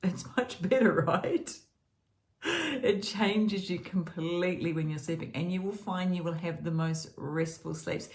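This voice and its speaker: A woman with a low voice talks through a gratitude routine in a casual self-help style. She is earnest and rambling, often restarting and repeating her words.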